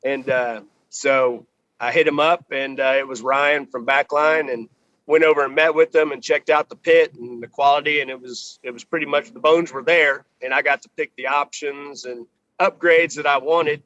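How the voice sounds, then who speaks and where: A man from Texas, guest on a barbecue podcast, chatting in a relaxed way with many pauses, on a video call from outdoors. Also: fairly high pitch, dry recording, lo-fi sound. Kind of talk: casual podcast conversation.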